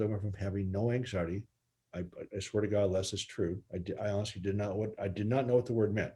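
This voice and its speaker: A man's voice: on the low side, mellow. A spine surgeon explaining his methods in earnest conversation.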